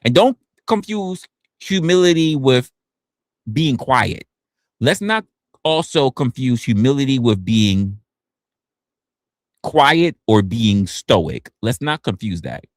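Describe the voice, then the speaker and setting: This livestream host speaks slowly with long pauses, yet stays animated, his pitch rising and falling as he talks loosely, curses, and stumbles into restarts. The studio-quality sound has no echo.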